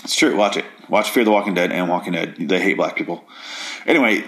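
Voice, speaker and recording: A man's voice: sits low, quick pace, a bit bright. A man hosting a comedic review monologue, talking in a rambling, profane, sardonic way. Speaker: podcast host reviewing a show.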